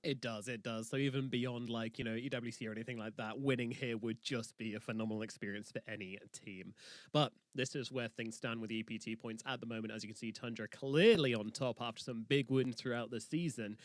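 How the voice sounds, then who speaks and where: A man's voice: medium pitch, steady tone, a little fast, no room sound. A man hosting an esports broadcast from a studio, upbeat and bantering with his co-host.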